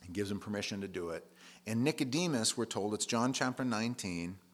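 A man delivers a sermon in a relaxed, conversational way. His voice sits on the low side, and he leans hard on single words to drive a point home. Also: a little fast. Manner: conversational, plain-spoken and emphatic. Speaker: preacher.

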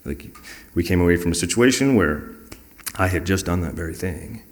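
A man's voice: low-pitched, animated, normal speed. A man sharing personal stories in an earnest, reflective way during a conversational talk. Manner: earnest and reflective, acting out quoted dialogue.

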